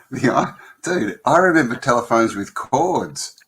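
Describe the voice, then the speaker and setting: A man's voice: mid-range voice, lively intonation, takes it slowly, breathy edge. A man from Australia hosting a live-stream chat over a video call, joking, teasing his guest and laughing often. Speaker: host.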